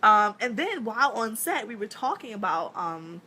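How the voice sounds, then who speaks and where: A woman in her thirties, an actress chatting casually on a live stream, telling animated stories, laughing often and swearing freely. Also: medium pitch, moderate pace, slight background noise. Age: 30s.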